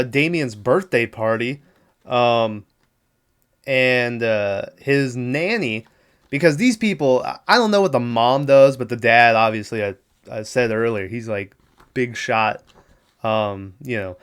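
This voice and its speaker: A man's voice: mid-range voice, animated, measured pace, clean tone. A man hosting a podcast, casually recapping a movie on his own, swearing freely and laughing often. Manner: loose, profane, laughs often, lots of fillers. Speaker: podcast host.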